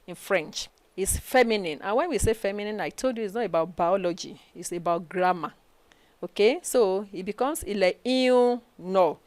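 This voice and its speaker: A woman's voice: fairly high pitch, no echo. A woman with a Nigerian English accent teaching a recorded French lesson. She repeats each phrase twice and checks in with "okay?". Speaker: French language lecturer. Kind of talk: recorded study-session lecture.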